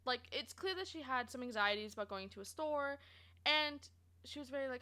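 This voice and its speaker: A young adult woman streaming, chatting casually and rambling through a story, quoting people in animated voices, laughing often and filling pauses. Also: high voice. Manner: animated and giggly, lots of fillers, quoting others in lively voices.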